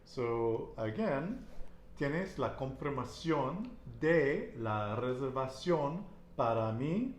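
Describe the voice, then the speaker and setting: A man's voice: medium pitch, very animated, slow pace, roomy sound, a little hiss or hum. A man teaching a casual Spanish lesson, repeating each answer and praising it.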